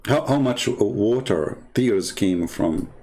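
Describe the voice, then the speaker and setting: A man's voice: on the low side, animated, takes it slowly, mellow. Rambling, sarcastic male host. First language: not English. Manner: rambling, sarcastic, full of "you know" fillers. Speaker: channel host. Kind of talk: joking satirical storytelling.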